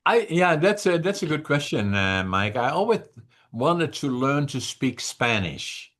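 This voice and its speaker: An older man from the northeastern Netherlands with a Dutch accent, a native Dutch speaker talking as a guest in an interview, deliberate and halting, with restarts. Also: on the high side, big pitch swings, a bit bright. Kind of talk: interview conversation.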